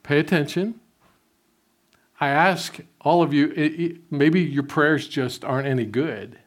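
An older man preaches in an easy, conversational way. He tells his stories directly to the congregation. His voice falls soft and low whenever he quotes his own prayers. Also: a little slow. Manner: conversational storytelling, drops softly when quoting prayers. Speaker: pastor. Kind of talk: sermon.

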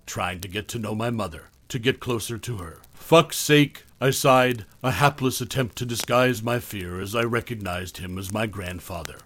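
A man narrating a first-person horror story in a measured, dramatic way. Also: fairly low pitch, a bit bright.

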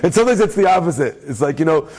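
A man telling a story to an audience as a religious speaker, animated and joking, acting out the characters and using Hebrew terms. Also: fairly high pitch, rapid-fire, slightly rough, rough recording.

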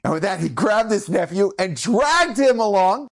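A rabbi tells an inspirational story in an animated way, jumping into each character's voice. The delivery is lively and expressive throughout. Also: male voice, high-pitched, normal speed, gravelly. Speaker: rabbi and educator.

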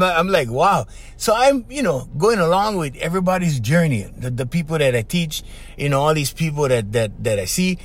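A middle-aged man, hosting a podcast and telling a client's story in a chatty way, checking in with "okay?" and "right?". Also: on the high side. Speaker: podcast host and life coach.

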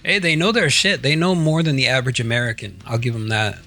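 A man with a mid-pitched, bright voice co-hosts a podcast in a relaxed, easygoing way, with frequent fillers. Faint music plays behind him. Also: fast. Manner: easygoing, laughs along, fillers. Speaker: podcast co-host. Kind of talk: casual podcast chat.

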